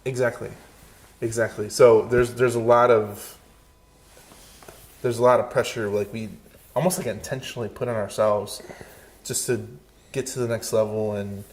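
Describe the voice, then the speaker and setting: A man co-hosting a podcast, speaking in a reflective, measured way. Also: medium pitch, level tone. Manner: reflective and measured, with frequent restarts. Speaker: podcast co-host. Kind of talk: casual podcast conversation.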